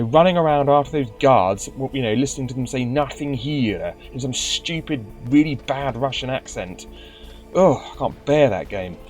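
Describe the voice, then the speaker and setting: A man of ordinary pitch grumbles his way through casual gameplay commentary, sarcastic and often tripping over his words. Game music plays faintly behind him. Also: darkish tone. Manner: grumbling, sarcastic, stumbling restarts. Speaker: let's play commentator.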